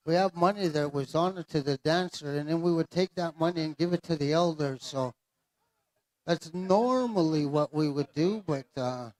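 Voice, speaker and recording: A man's voice: on the high side, moderate pace, a little mellow. A man emceeing a pow wow, announcing live to dancers and crowd in an easygoing, joking way. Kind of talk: live event announcing over a PA. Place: outdoor pow wow arena.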